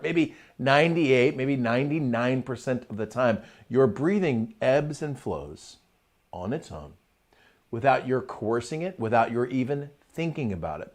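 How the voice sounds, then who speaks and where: A middle-aged man talks energetically on a live stream, his pitch swinging widely as he builds up to a point and then drops back down. He sounds chatty and relaxed, breaking off to greet viewers in the chat. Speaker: host of a live motivational show. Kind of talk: live-streamed motivational talk.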